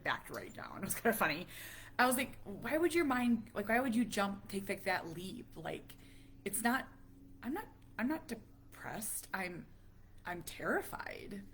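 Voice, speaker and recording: Woman around forty vlogging, halting and emotional, sometimes near a whisper, faint hiss behind. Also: medium pitch, a bit bright. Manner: halting, emotional, many restarts; drops to a near whisper at heavy moments. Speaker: parent vlogger. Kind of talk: casual talk to camera.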